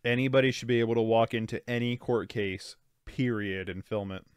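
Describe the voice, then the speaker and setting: A man's voice: medium pitch, steady tone, fairly quick, smooth, no room sound, clean studio sound. A sleepy young man with a stuffed-up nose, rambling casually through a movie watch-along and saying "like" a lot. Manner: rambling, filler-heavy, says "like" often. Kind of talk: casual movie reaction commentary.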